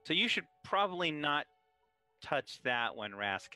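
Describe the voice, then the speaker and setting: A man's voice: on the high side, big pitch swings, unhurried, pushed and bright, faint music behind. A man playing a tabletop game, reasoning aloud in a hesitant, casual way. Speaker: player.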